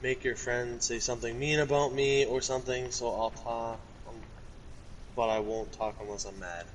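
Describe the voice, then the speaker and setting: A man's voice: medium pitch, steady tone, moderate pace, a little hiss or hum, poor audio. A young man in casual chat, recounting and reading aloud a string of text messages. He rambles and swears casually. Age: young adult.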